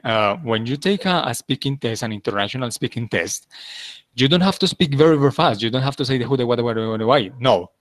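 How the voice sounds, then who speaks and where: A man teaching an English class, patiently repeating his instructions and checking in with his students. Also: medium pitch.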